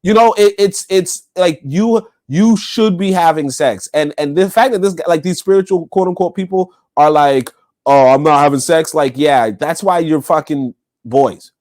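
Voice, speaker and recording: A man co-hosting a podcast, talking in a loose, rambling, profane way and laughing loudly. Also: on the high side, normal speed, few pauses. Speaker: podcast co-host. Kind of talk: casual podcast chat.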